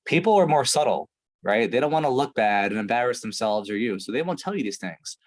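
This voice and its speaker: A man's voice: mid-range voice, expressive, a little fast, rough recording. A man coaching a sales team over a video call, talking emphatically with lots of "right?" and "like". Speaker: sales trainer.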